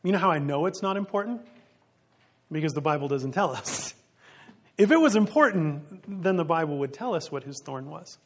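Husky-voiced man preaching a sermon. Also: a little high, expressive, moderate pace. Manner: earnest, conversational preaching with rhetorical questions and chuckles. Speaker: pastor.

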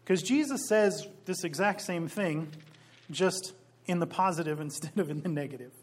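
Male pastor, sermon delivery, slightly high voice, emphatic, slows hard on key phrases. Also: breathy edge. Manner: rises loud on quoted scripture.

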